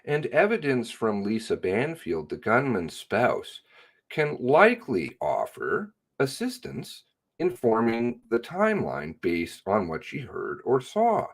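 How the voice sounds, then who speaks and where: A man's voice: medium pitch, huge pitch swings, slow, husky. A man reading news reports aloud and breaking in with sarcastic comments. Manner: sarcastic asides.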